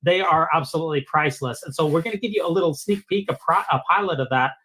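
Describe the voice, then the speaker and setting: Fast-talking man hosting a call-in chat. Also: a little high, sharp tone, slightly rough. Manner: reads out memes with playful emphasis. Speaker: host. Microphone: video call.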